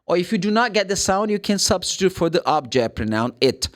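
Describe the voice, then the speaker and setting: Man, Brazilian Portuguese accent, English teacher, slightly high voice, very lively intonation, spells slowly. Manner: spells words slowly letter by letter, animated asides. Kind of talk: casual spoken lesson.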